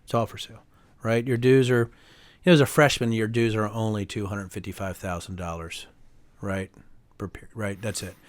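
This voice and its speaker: A man's voice: lowish voice, fairly even intonation, moderate pace, no room sound. Heated, emphatic middle-aged man, dry sound. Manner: emphatic and heated, quotes others in voices, sprinkles "right?". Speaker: congressman and author, guest. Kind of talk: animated interview talk.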